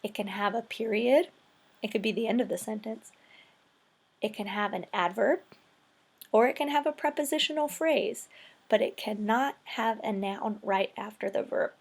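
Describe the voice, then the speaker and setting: A woman's voice: medium pitch, fairly even intonation, moderate pace, vocal fry, slightly rough. A woman teaching English vocabulary and grammar in a screen-recorded tutorial, explaining patiently step by step.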